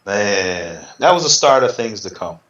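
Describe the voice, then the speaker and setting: A middle-aged man telling stories in a casual interview, lively and acting out what others said. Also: on the low side, unhurried. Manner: animated, acts out quotes in other voices. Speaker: interview guest, retired bodybuilder. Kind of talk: casual storytelling. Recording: roomy, slightly dull sound.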